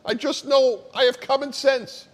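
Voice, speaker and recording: A man's voice: very high-pitched, fairly even intonation, measured pace, voice pushed up. A man voicing a tall, handsome young Norwegian man who speaks in a mock Scandinavian accent that comes out sounding like Brooklyn. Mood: earnest.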